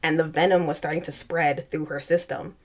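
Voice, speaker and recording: A woman's voice: low-pitched, fairly even intonation, a little fast. A young woman co-hosting a podcast, casually recapping a book and laughing often as she mimics the characters. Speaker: podcast co-host.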